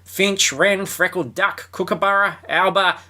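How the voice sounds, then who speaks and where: A man voicing a brash, gruff male mouse who runs an airstrip, with a thick Australian accent and a grumbling manner. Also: sits high, fairly even intonation, a little slow, pushed and bright, pitched above the performer's own voice, heavily acted. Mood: brisk.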